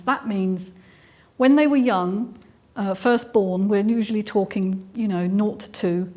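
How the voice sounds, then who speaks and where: In a mid-range voice with a darkish tone, an English woman of middle age talks to a live audience about trauma. Her manner is earnest and explanatory, broken up by frequent ums and restarts.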